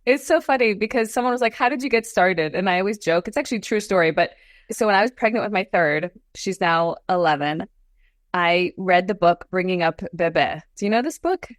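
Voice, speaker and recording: A woman in her forties, a podcast guest, telling her story in a casual interview, animated and climbing into high exclamations. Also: a little fast, no echo, studio quality. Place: Los Angeles.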